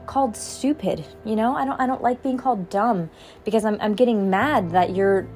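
A woman's voice: on the high side, warm tone. A young woman hosting a podcast, talking in a frustrated, heated casual monologue. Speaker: podcast host.

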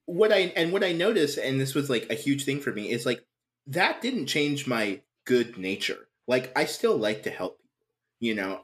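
A young man talking as a podcast guest in frank, casual chat, swearing freely. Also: mid-range voice. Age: young adult.

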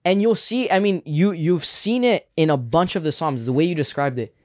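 Earnest young man co-hosting. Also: fairly high pitch. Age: young adult. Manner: earnest, reflective, quick to affirm. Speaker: podcast co-host. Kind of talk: casual faith discussion.

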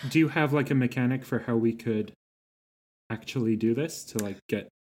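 A woman's voice: a bass voice, normal speed, darkish tone, slightly rough. A woman playing a tabletop game, talking in a hesitant, apologetic way with restarts. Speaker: player. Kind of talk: casual tabletop game chat.

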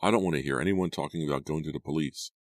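A frightened teenage boy with a short fuse, played by a man reading a storybook. The voice sits very deep and sounds strained and heated. It is recorded close and dry. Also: very fast, no echo. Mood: angry. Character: angry scared teenage boy, quick temper.

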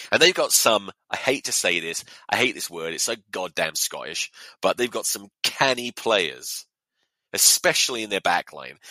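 Ranting about rugby fans, a young man hosting a podcast keeps things lively, casual, and profane, slipping into mock voices. He speaks with a lowish voice and the recording has no echo.

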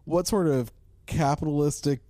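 A woman's voice: low-pitched, normal speed, warm tone. A woman co-hosting a podcast in casual chat, throwing in dry, sarcastic remarks. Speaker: podcast co-host.

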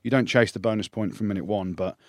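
A man, a former rugby player, co-hosting a podcast and telling stories fast in casual chat, swearing freely. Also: fairly low pitch, darkish tone, dry recording, clean studio sound.

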